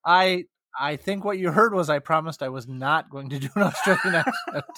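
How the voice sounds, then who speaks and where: Joking American host, higher voice. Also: male voice, normal speed, sharp tone, dry recording, studio quality. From South Dakota, US. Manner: joking, self-deprecating. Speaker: podcast host. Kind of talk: casual interview chat.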